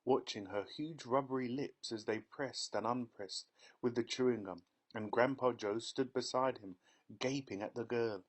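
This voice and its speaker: Give me a man narrating a children's audiobook. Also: mid-range voice. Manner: measured storytelling.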